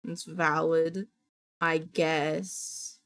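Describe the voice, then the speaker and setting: A woman streamer chatting casually with her viewers, animated and quick to laugh and apologize. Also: deep voice.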